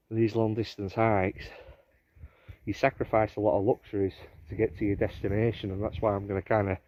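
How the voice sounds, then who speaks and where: Relaxed male hiker, rambling chatty vlog talk, slightly low voice, muffled handheld outdoor sound. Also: no echo. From England. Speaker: hiker vlogger. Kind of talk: casual outdoor vlog narration. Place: outdoors on a hiking trail and campsite.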